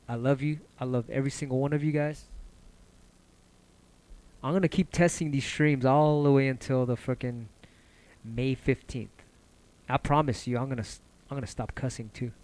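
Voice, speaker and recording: A man hosting a casual livestream, talking loosely and passionately, cursing often and rambling between ideas. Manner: animated, jumps in pitch when excited. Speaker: livestream host.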